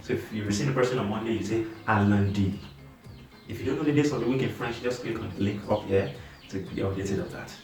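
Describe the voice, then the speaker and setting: Lowish male teacher in an echoey room. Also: a little mellow, far from the mic, faint music behind. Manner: slow, patient, repeats words for practice. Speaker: French teacher. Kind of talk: beginner language lesson.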